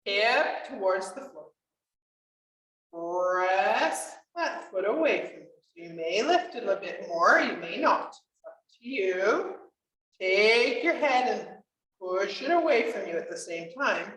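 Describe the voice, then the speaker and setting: A woman's voice: medium pitch, big pitch swings, takes it slowly, a bit bright. Chatty woman leading a chair yoga class. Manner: encouraging, chatty, laughs often. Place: community class room. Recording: echoey room, voice from far off mic.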